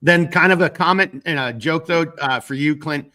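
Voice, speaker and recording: A man's voice: fairly high pitch, moderate pace, bright, forceful tone. A man with a Minnesotan accent hosting a casual political podcast, rambling with many restarts and casual swearing. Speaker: podcast host.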